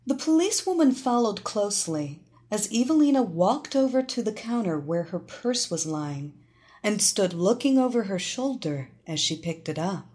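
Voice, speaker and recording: A woman narrating an erotic story in a slow, expressive reading. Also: mid-range voice.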